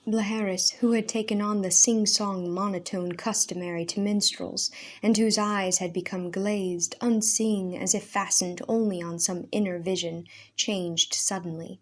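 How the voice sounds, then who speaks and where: Measured woman storyteller. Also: mid-range voice. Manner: measured, expressive narration. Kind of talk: audiobook chapter reading.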